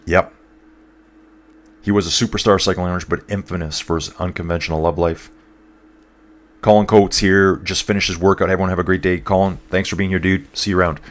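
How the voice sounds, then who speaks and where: A man's voice: low voice, little pitch movement, brisk. A man with a stuffed-up voice giving casual live commentary on a bike race and reading out viewer comments. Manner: chatty, reads out viewer comments.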